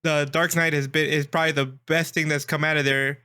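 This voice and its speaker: A man's voice: a little high, flat delivery, fairly quick, sharp tone, smooth. A man co-hosting a casual movie review podcast, laughing often and poking fun at himself. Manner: laughs often, self-deprecating. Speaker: podcast co-host.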